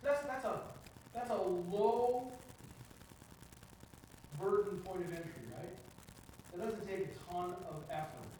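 A man's voice: high voice, slow, long pauses, warm tone, a little hiss or hum. A man preaching a sermon in a conversational way, often asking "right?" as he teaches. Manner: conversational, with frequent tag questions. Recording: echoey hall, from far off.

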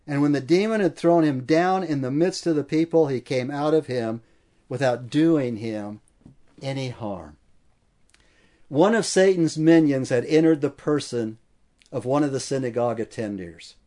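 A man's voice: medium pitch, normal speed, warm tone. A man preaching an expository sermon with emphasis, stacking repeated phrases as he builds each point.

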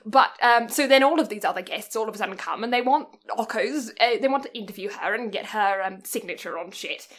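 A woman's voice: medium pitch, brisk, hardly any pauses, fairly bright tone. A woman co-hosting a podcast, recapping a film in casual chat. She is giggly, rambles and swears freely. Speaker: podcast co-host.

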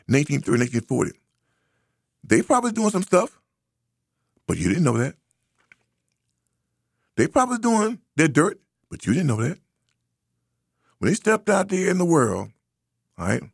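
A man's voice: mid-range voice, gravelly, husky, no echo, studio quality. A man from the United States giving a preachy, emphatic commentary monologue, repeating phrases for effect. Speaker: social commentator.

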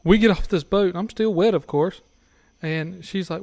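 A man's voice: sits high, normal speed, vocal fry, a little mellow, no room sound. A man, a podcast guest, telling crude stories in casual chat and often laughing as he talks.

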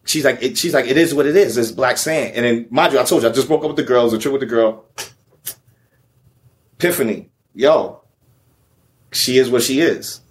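A man's voice: mid-range voice, normal speed, long pauses. A man telling a long personal story in casual, profane podcast chat. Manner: profane, animated storyteller, repeats "you know what I'm saying". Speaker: podcast guest.

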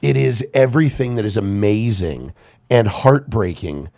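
A man hosting a casual film chat, an animated storyteller who swears and laughs often. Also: on the low side, moderate pace, gravelly. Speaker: podcast host.

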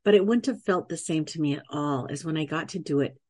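A low-pitched middle-aged woman speaks as a podcast guest. She tells an earnest, faith-filled story from her own life with animated energy and frequent laughter. Her voice is recorded dry, with no room sound. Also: quick pace, no room sound. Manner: animated, laughs often, acts out quoted voices; faith-based, earnest testimony. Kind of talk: conversational storytelling.

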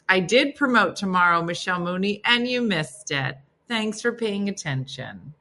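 A woman's voice: fairly low pitch, sharp tone. A woman hosting a casual livestream, chatting and reading viewer comments aloud, chatty and self-deprecating with frequent laughs. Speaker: livestream host.

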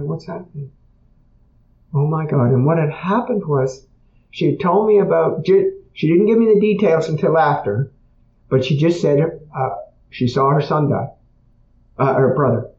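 A man with a fairly high voice tells a story to a crowd in a conversational way. He keeps repeating key points and checking in with the audience. The sound is roomy and echoey, with a dull, muffled tone. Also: darkish tone. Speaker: speaker on emotional healing.

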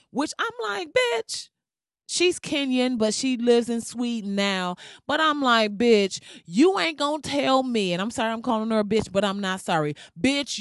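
A woman's voice: mid-range voice, dry recording, clean studio sound. A woman giving a heated, profane commentary rant to camera, blunt and swearing freely. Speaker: vlogger.

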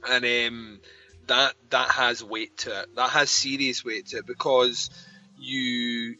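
A man's voice: mid-range voice, little pitch movement, slow pace, bright, forceful tone, lo-fi sound, faint music behind. A man in a casual podcast chat about a TV episode, earnest and given to repeating himself. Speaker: podcast co-host.

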